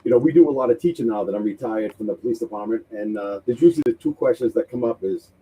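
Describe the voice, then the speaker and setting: A man in his fifties with a thick Boston accent, a retired police officer being interviewed. His voice is very dark and a little husky, and he talks in a relaxed, chatty way, making light of himself. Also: medium pitch, fast, poor audio. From Massachusetts. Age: 50s. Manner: relaxed, chatty, self-deprecating. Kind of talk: interview storytelling.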